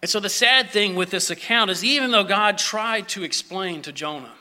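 A man's voice: sits high, normal speed, sharp tone. A man preaching a sermon, reading scripture expressively and adding commentary with rhetorical questions and the odd slip.

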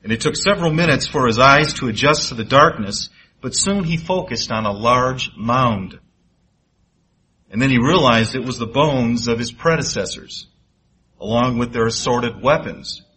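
A man's voice: mid-range voice, pushed and bright, a little hiss or hum, low-quality recording. A man preaching, telling a moral parable in dramatic storytelling fashion. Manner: dramatic storyteller, rising for suspense and slowing for effect. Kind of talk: sermon storytelling.

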